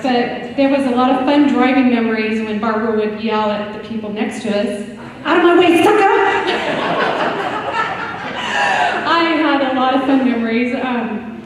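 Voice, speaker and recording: A woman's voice: a little high, slight background noise. A woman giving an affectionate farewell tribute to a colleague, laughing as she recalls stories. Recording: echoey hall from far off.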